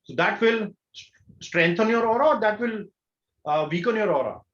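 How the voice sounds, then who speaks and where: A man's voice: high voice, lively intonation, moderate pace, fairly bright tone. A man with an Indian accent, a coach giving an online workshop in an earnest manner, often asking the listeners rhetorical questions. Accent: Indian English. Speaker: law of attraction coach. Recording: roomy, dull lo-fi webinar audio.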